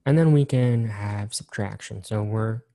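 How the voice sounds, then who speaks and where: Low, very dark-voiced male instructor. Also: unhurried, vocal fry. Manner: casual, repetitive, walks through examples step by step. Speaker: engineering instructor. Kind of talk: recorded screen-share lecture.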